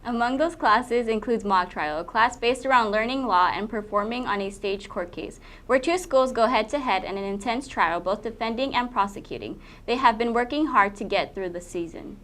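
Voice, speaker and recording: A teenage girl co-anchors a student news show with a steady scripted read. Her voice sits a little above the usual range. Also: a little high, normal speed, hardly any pauses. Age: teens.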